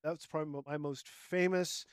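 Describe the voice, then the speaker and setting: Earnest stonemason guest, slightly high voice. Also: male voice, fairly even intonation, normal speed, clear, resonant tone, dry recording, studio quality. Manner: earnest, rambling, laughs easily. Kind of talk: casual conversational interview.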